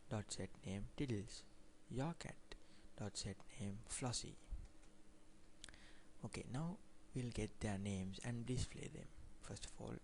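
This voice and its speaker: A man's voice: fairly low pitch, vocal fry, darkish tone, a little hiss or hum. A man teaching programming in a screen-recorded tutorial, reading code aloud line by line and plainly explaining what it does. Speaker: programming instructor.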